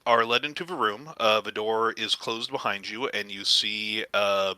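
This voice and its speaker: A man narrating as game master in a tabletop game, with a halting delivery full of fillers. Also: lowish voice, pushed and bright, dry recording, low-quality recording.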